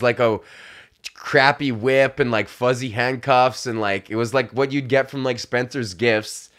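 A man's voice: mid-range voice, a bit bright. Profane rambling young man ranting. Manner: rambling, profane, laughs often, acts out quoted dialogue. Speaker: podcast host. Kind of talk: casual comedic rant.

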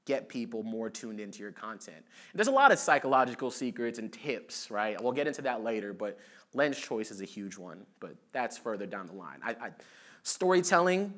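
A man's voice: mid-range voice, fairly bright tone. A young man presenting a casual, chatty talk at an event, with a lot of fillers. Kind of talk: conference talk. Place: event stage.

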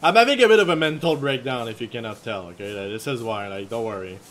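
A young man playing a horror game who talks loudly, gets frustrated, and yells and swears at what is on screen. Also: medium pitch, fast talker, a little hiss or hum. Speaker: let's play gamer. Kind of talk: loud horror game commentary.

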